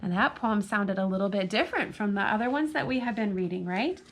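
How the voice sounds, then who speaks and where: A woman's voice: mid-range voice, lively intonation, a little fast. A woman hosting a children's storytime at a library, reading poems and chatting with young kids, asking them questions as she goes. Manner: chatty, addressing kids directly with frequent questions. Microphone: camera mic.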